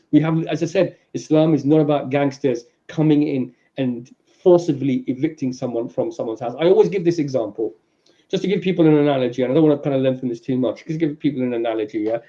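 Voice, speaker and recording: London guy lecturing on a podcast, dark mellow voice, slightly dull sound, keeps jumping into little voices for people he quotes. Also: medium pitch, fast. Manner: animated storyteller, acts out quoted people in raised voices. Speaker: guest speaker.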